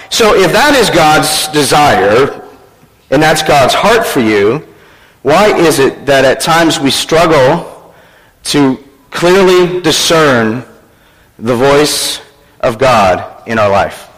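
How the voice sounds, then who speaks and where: A man's voice: fairly high pitch, very animated, slow pace, a bit bright, long reverb tail, rough recording. A man preaching a sermon as pastor, joking and teasing his congregation.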